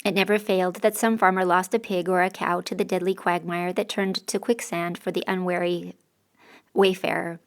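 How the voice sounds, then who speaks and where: A woman's voice: lowish voice, level tone, moderate pace. A woman reading a first-person novel aloud as an audiobook narrator, with a dry, sardonic delivery.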